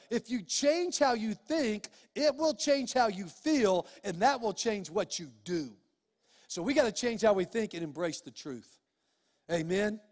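A man's voice: sits high, long reverb tail. A middle-aged male pastor preaching a sermon in a folksy, emphatic way, full of restarts and quoted asides.

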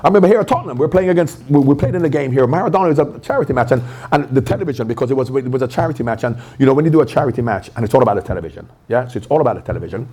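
A man being interviewed at a live event, telling animated stories, acting out quotes and laughing often. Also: mid-range voice, racing, hardly any pauses, breathy edge. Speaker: interview guest, former pro footballer. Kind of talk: animated anecdotal storytelling. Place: live event at a stadium venue.

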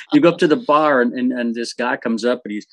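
A man's voice: mid-range voice, normal speed, fairly bright tone, no echo. A man being interviewed as a guest musician, telling stories in an easygoing way and laughing often. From from a family in Eastern Kentucky, now living in Rhode Island. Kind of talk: casual interview chat.

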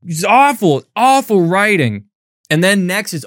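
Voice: medium pitch, takes it slowly, no room sound, clean studio sound. Sarcastic, profane podcast host ranting. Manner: sarcastic, profane, lively storytelling. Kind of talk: casual chat recapping a bad movie.

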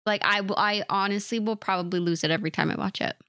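A laid-back woman co-hosting a podcast, joking about herself and giggling often. Her pitch is ordinary for a woman, and the recording is dry and close. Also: steady tone, fast talker, a bit bright, dry recording. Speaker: podcast co-host. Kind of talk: casual chat on a live stream.

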